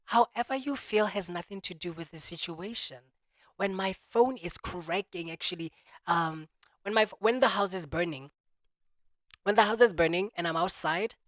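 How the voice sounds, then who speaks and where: A man hosting a solo podcast, talking through his thoughts in a reflective way and often pausing to search for words. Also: high-pitched, a bit bright, no echo. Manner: thoughtful, searching for words, many restarts and "you know"s. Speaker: podcast host.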